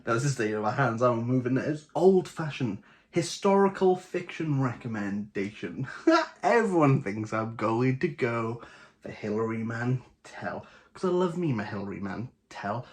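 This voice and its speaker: Young Welsh Valleys man, casual chatty book host, jokey, pitch that bounces around. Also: very animated, a little slow. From Wales. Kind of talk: casual chat to camera.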